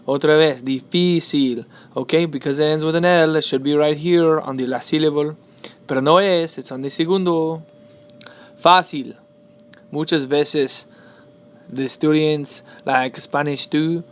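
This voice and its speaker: A man teaching Spanish spelling and stress, switching between English and Spanish and repeating words slowly. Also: fairly high pitch. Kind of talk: classroom explanation of Spanish spelling.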